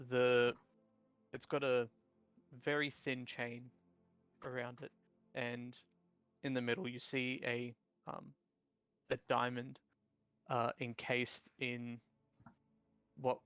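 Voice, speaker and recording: A man's voice: medium pitch, little pitch movement, slow, long pauses, a bit bright, clean tone, dry recording, soft background music. A man narrating a tabletop game as dungeon master, rambling with many fillers.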